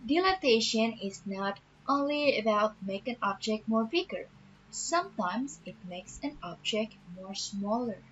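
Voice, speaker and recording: A woman teacher explaining a math lesson patiently, repeating each step slowly. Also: on the high side, expressive, a bit bright. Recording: dull lo-fi audio with faint music.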